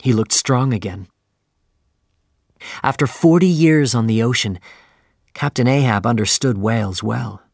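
A man reading a story aloud in a measured, plain storytelling manner. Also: mid-range voice, gravelly, dry recording, studio quality. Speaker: narrator. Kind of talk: scripted audiobook narration.

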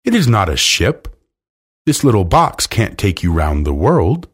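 A man voicing a brisk, firm nanny in a storybook reading. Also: on the low side, big pitch swings, husky, full character voice. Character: prim, firm nanny Mary Poppins.

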